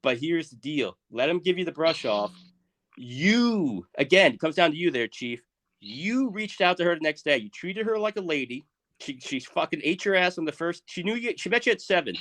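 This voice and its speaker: A man in his thirties riffs through a crude, profane comedic rant as a podcast co-host. His voice sits a little high. He keeps lurching between loud outbursts and low, muttered asides. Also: very animated, normal speed. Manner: profane, ranting, swings loud and soft.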